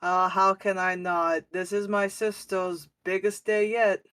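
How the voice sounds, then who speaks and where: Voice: mid-range voice, level tone, a little slow, pushed and bright, clean tone. A player in a tabletop role-playing game, wry and a bit hesitant.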